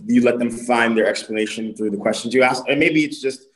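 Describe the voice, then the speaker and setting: A talkative gym coach from Boston, USA, chats easily as a guest on a podcast in a casual interview. His voice sits at medium pitch and moves a little fast, though the audio quality is poor.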